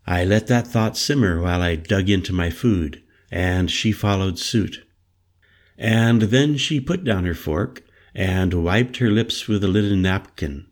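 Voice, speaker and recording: Deep-voiced male audiobook narrator. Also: a little slow. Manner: calm, descriptive. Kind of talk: first-person audiobook narration.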